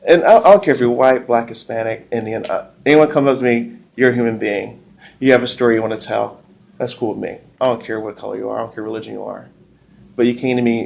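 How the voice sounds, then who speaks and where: A man speaking on a convention panel as a comic book creator, blunt and animated, often repeating his words. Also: medium pitch, vocal fry. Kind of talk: casual panel talk.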